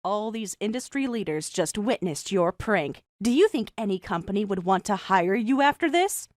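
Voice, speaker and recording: A young woman voicing a calm, mocking designer who also narrates the story in first person. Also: medium pitch, no room sound, clean studio sound, lightly acted. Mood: cold mocking. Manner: cool, mocking, measured.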